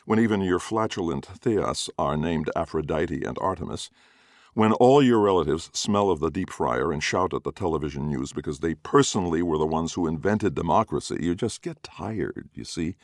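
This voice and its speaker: A man's voice: sits low, animated, moderate pace, dry recording, clean studio sound. A man voicing a fanciful young Greek-American woman with an earnest, polite manner, in a storybook reading.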